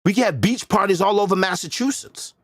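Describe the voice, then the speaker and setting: This man, a livestream host with a Boston-area background, talks casually and bluntly, swearing and repeating himself for emphasis. His voice is high and brisk, recorded at studio quality with no room sound.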